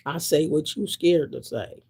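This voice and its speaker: A woman's voice: low voice, measured pace, creaky, mellow, breathy edge. A woman in her sixties giving a blunt, preachy monologue to camera, repeating her points. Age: 60s. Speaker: vlogger.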